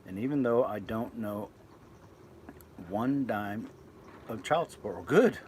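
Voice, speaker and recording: A man with a fairly low, slightly mellow voice speaks at a measured pace while reading his live chat aloud from his boat. He chats casually, rambling and self-correcting, with slight background noise behind him.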